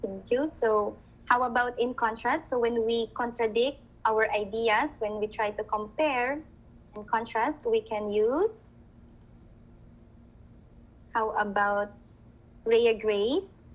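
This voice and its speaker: A woman's voice: fairly high pitch, slow, long pauses, poor audio. A woman teacher with a Filipino accent, giving an online class lecture over a video call, mixing English with Tagalog and often checking that students understand.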